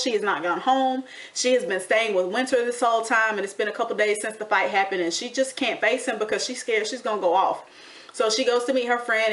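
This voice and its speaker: A woman giving a casual, sassy recap of a reality TV show, chatty and animated, with slang like honey and y'all. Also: fairly high pitch. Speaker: TV recap vlogger.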